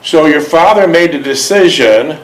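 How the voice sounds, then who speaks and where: A man's voice: on the high side, lively intonation, normal speed. A man hosting an interview, patiently asking questions and repeating them. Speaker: interviewer host. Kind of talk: casual interview. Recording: roomy echo.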